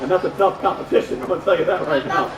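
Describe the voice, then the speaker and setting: A man hosting a live comedy stage act, hyping the crowd in a showman's patter with deadpan asides. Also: high voice, very fast, over loud music. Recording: roomy crowd-heard live recording from far off.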